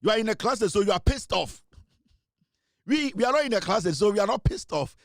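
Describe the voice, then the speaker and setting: Teasing Ghanaian man, high-pitched, dry sound. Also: lively intonation, fast talker, dry recording. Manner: teasing, repetitive rhetorical questions; mixes English with Twi. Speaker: show host. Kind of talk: casual monologue.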